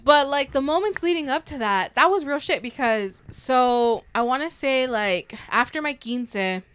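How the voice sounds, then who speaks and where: Smooth-voiced young woman, dry and close. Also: sits high, expressive, normal speed, a bit bright, no echo. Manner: frank, emphatic, casually profane. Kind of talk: casual chat.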